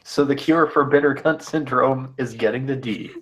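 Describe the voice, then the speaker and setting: A man's voice: medium pitch, moderate pace, a bit bright, a little hiss or hum. A man co-hosting a livestreamed talk show, teasing the others with dry humor. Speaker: podcast co-host. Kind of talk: casual debate chat.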